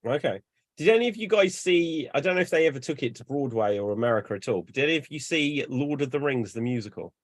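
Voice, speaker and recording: A man's voice: medium pitch, fast talker, dry recording. A man in casual chat as a podcast co-host, telling stories animatedly and putting on voices. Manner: animated, puts on voices when retelling.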